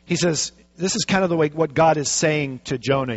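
A man preaching a sermon, telling a story with lively, animated delivery and acting out the quotes. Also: on the high side, moderate pace, few pauses. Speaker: pastor. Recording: dull lo-fi recording.

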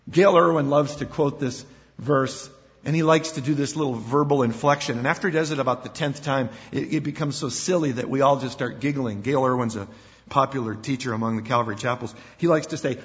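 An older man, a pastor, preaching a sermon in an animated way, acting out quoted voices and often repeating words. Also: fairly high pitch, a little fast. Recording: dull sound with long hall reverb.

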